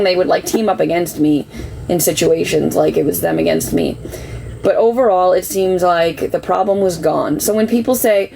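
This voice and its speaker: A woman's voice: medium pitch, gravelly, a little mellow, a little hiss or hum, low-quality recording. A woman on a live stream explaining herself in an emotional, defensive, rambling way, full of "like" fillers. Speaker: livestreamer telling her side. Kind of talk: casual live-stream monologue.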